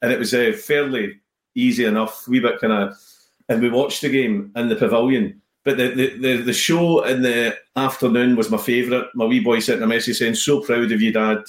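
A Scottish man tells stories with animated energy, often restarting his sentences. His voice sits at a middle pitch. The recording has a roomy echo. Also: moderate pace. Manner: animated storyteller, many restarts. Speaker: comedian guest. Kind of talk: casual chat.

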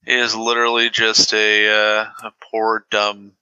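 A man's voice: on the low side, monotone, a little slow, bright, forceful tone, clear, resonant tone, no echo, highs cut off. A man co-hosting a podcast, adding wry asides and quips while discussing a film. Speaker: podcast co-host. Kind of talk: casual movie discussion.

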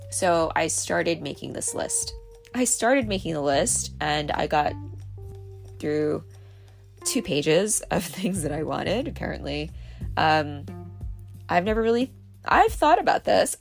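A woman with a low, creaky voice hosts a podcast from a boat. Her casual, confessional monologue is candid and rambling, full of fillers and little laughs.

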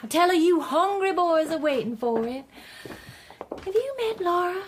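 A woman's voice: very high voice, sing-song, moderate pace, slight background noise. A woman with a Southern accent acting a faded, genteel mother who chatters nervously to a dinner guest. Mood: chatty. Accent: American Southern. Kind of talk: stage drama acting.

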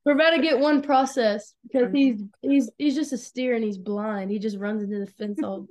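A woman's voice: fairly high pitch, normal speed, a little mellow. A young woman from Georgia, a guest athlete, chatting casually and easily on a podcast, with frequent laughs. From Georgia, USA.

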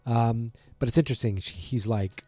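A man's voice: medium pitch, moderate pace, dark tone, dry recording. A man casually recapping a TV episode, rambling with lots of ums and restarts and acting out the characters' lines. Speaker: podcast host recapping a TV episode.

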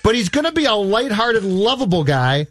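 A man's voice: high-pitched, big pitch swings, moderate pace, a little hiss or hum. A man cohosting a casual movie review chat, explaining his points in rambling runs with restarts. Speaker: podcast cohost.

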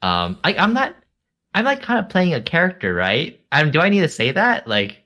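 A man's voice: on the high side, huge pitch swings, moderate pace, pushed and bright. A man co-hosting a podcast, teasing and playfully stirring things up in casual chat. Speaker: podcast co-host.

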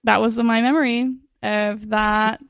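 Bubbly young woman, high and dry. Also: flat delivery, a little slow, vocal fry, clean tone, dry recording. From Washington state. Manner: bubbly, jokey, rambling with fillers. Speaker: podcast co-host. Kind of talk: casual chat.

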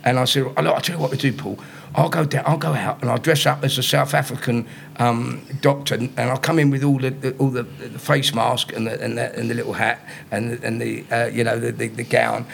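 A man's voice: mid-range voice, fairly even intonation, fairly quick, gravelly, a bit bright, a little hiss or hum. A male comedian, guesting on a live podcast and telling anecdotes, laughing through his own punchlines. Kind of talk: anecdotal storytelling. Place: live podcast show in front of an audience.

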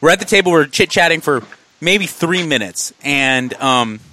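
A man telling a wild personal story in casual chat, animated and laughing as he goes. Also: on the high side, moderate pace. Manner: animated, laughs through his own story.

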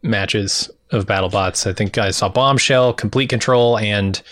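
A man's voice: lowish voice, unhurried, hardly any pauses, no echo, studio quality. Laid-back man recapping an episode. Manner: relaxed, summarizing from notes. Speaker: podcast co-host. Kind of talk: casual TV recap chat.

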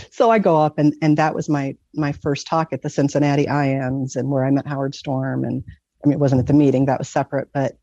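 A woman with a gravelly, dark-toned voice tells her personal story in an earnest, candid way, often laughing softly. The recording is dry and close, with a dull, lo-fi sound. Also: rumbling low, fairly even intonation, moderate pace, no room sound. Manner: earnest, frequent soft laughs. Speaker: guest telling her story.

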